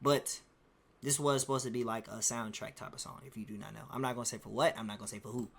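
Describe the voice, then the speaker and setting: A man's voice: mid-range voice, fairly even intonation, quick pace, creaky, a bit bright, a little hiss or hum. A man streaming casually, rambling in a loose, profane, slang-heavy way. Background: faint music playing.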